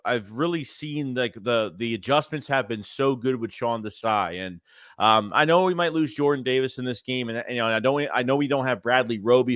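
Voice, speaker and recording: A man's voice: medium pitch, dry recording, studio quality. Stuffy-nosed man rambling through chat. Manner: rambling, animated, reads chat aloud. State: stuffy nose. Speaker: sports livestream host. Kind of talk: casual live-chat commentary.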